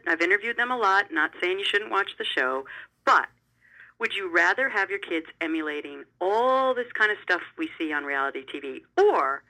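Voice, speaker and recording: A middle-aged woman, a television host as interview guest, telling stories with animated emphasis and some repeated words. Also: fairly low pitch, poor audio. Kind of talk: conversational interview storytelling.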